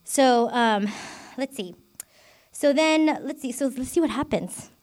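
A woman's voice: sits high, unhurried, a little mellow. A woman deacon giving an informal bible teaching, chatty and full of fillers like "you know" and "like". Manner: chatty, filler-heavy, self-revealing.

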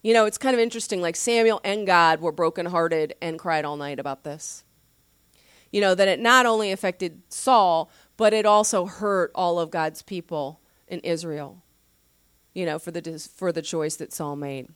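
A woman pastor teaching from the Bible in a casual, conversational way, with animated slangy asides and frequent laughs. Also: on the low side, moderate pace, clean tone, dry recording, clean studio sound.

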